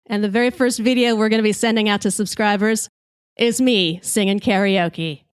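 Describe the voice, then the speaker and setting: A woman podcast host telling a comic story in a lively, brash way, swearing freely. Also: medium pitch, moderate pace, clean tone, no room sound, studio quality.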